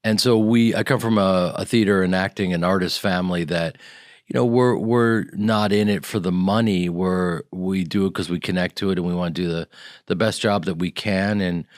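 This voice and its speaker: A man from the American Midwest, an actor and comedian guest on a radio interview, telling animated stories and acting out the people in them. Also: low voice, normal speed, dry recording, studio quality. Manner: animated storyteller who acts out quoted people. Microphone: studio microphone.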